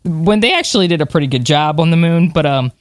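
Chatty co-host, medium pitch, dry recording, lively storytelling delivery. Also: quick pace, no echo. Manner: animated storyteller, laughs often, many fillers. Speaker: podcast co-host. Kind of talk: casual conversational podcast chat.

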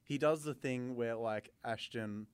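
Aussie man co-hosting a casual podcast, medium pitch, dry sound. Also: measured pace, clear, resonant tone, no room sound. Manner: laughing, acts out quoted people. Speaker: podcast co-host. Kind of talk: casual chat.

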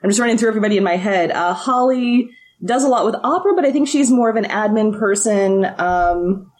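A woman from Australia chatting casually as an interview guest. Her voice sits in a middle pitch, and she laughs often and wanders through her thoughts with plenty of ums and uhs. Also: brisk, a little mellow. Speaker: guest, writer of a comedy nursery rhyme project.

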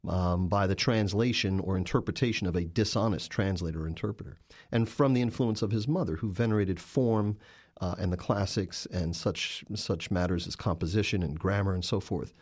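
A man's voice: sits low, brisk, a little mellow, slightly rough. A man, a journalist and author, answering interview questions with emphatic, storytelling narration.

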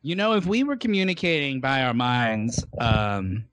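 A man co-hosting a podcast, explaining the story of a movie in a relaxed, casual way. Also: mid-range voice, normal speed, no echo. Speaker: podcast co-host.

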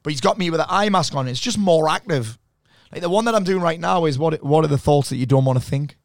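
This fast-talking man in his 40s, a mindset coach, has a fairly high voice, captured in studio quality with no room sound. Chatting casually on a podcast, he swears freely and acts out quotes as he tells his animated stories.

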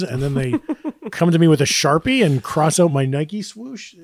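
A man's voice: on the high side, big pitch swings, normal speed. A man co-hosting a podcast, telling rambling, self-deprecating stories and laughing often. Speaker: podcast co-host. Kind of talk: casual chat.

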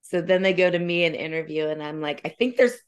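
Middle-aged woman, fairly low voice, dry teasing podcast co-host. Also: fast. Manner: recaps events, quotes others, dry teasing. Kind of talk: casual chat, recapping an episode.

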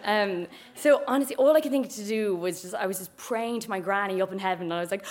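A woman's voice: mid-range voice, fast, hardly any pauses. A young woman with an Irish accent telling a story, chatty and full of asides. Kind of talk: live storytelling.

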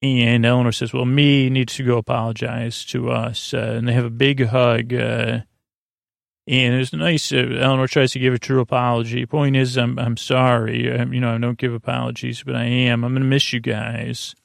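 A man hosting a sleep podcast walks through a TV episode, his creaky, rough voice held at a level tone with almost no pitch movement. The sound is close, dry, and echo-free, while his talk meanders and stalls into pauses.

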